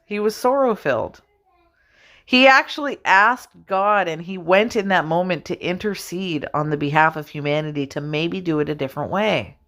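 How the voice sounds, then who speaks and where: A woman at home giving casual commentary on scripture, reading verses slowly and laughing often as she talks. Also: lowish voice, expressive, fairly bright tone. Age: adult. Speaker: religious video host.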